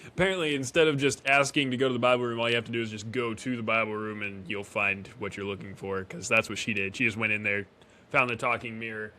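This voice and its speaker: A man's voice: fairly low pitch, steady tone, fast talker, bright, forceful tone. A man casually recapping an episode as a podcast co-host, with fillers and self-corrections. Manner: acts out character lines while recapping. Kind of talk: casual review chat.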